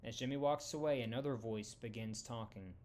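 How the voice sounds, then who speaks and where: A young man reading out a fan-made story in a plain, even casual narration. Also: medium pitch, brisk.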